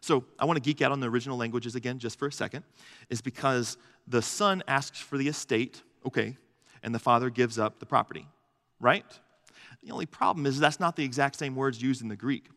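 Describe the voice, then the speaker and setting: A man's voice: mid-range voice, fairly quick, a bit bright. Earnest man preaching in a reverberant hall. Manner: earnest, emphatic, builds lists to a peak. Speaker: pastor. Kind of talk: sermon. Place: church hall. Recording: long reverb of a large hall.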